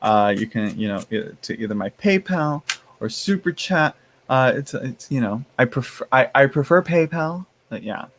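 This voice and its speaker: Man, livestream host, casual chat, laughs often, reads chat aloud, mid-pitched voice.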